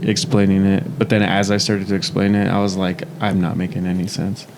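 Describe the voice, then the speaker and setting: A man with a very deep voice co-hosting a podcast, faint noise behind him. He talks loosely, circling and restarting his sentences as he thinks out loud. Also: monotone, fairly quick, vocal fry. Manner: rambling, many fillers and restarts. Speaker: podcast co-host. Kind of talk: casual podcast discussion.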